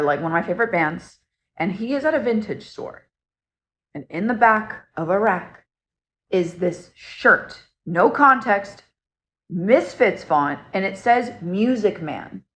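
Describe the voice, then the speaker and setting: A young woman telling her own ghost-investigation story to camera in a casual, excited way, filling her talk with "like" and "okay?". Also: mid-range voice. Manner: excited, chatty, many fillers and "okay?" checks.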